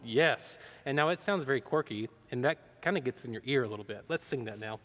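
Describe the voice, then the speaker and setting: Upbeat choir director in a big hall. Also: male voice, medium pitch, a little fast, loud music behind the voice. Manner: upbeat, counts in and sings out vocal lines. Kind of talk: leading a choir rehearsal. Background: keyboard playing.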